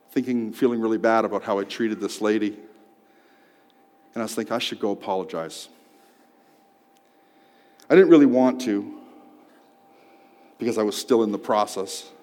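A man telling a personal story in a sermon, swinging from loud outbursts to hushed tones. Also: mid-range voice. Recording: long hall reverb.

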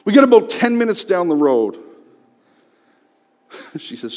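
A man telling a personal story in a sermon, swinging from loud outbursts to hushed tones. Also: high-pitched, very animated, a little slow. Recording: long hall reverb.

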